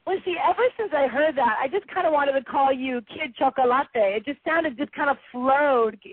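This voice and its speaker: A woman hosting a boxing radio show, effusive and quick to laugh. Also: high-pitched, no room sound. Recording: tinny phone-like line, dry.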